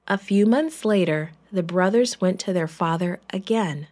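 A woman narrating a Bible story in a measured, clear scripted reading. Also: fairly low pitch, a little mellow.

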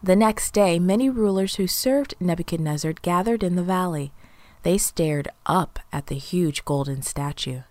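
A woman narrating a children's Bible story in a lively, expressive storytelling voice. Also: lowish voice, dry recording.

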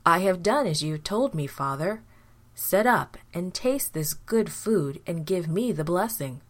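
A woman's voice: on the low side, lively intonation, unhurried. A woman voicing a nervous young man who lies to his father.

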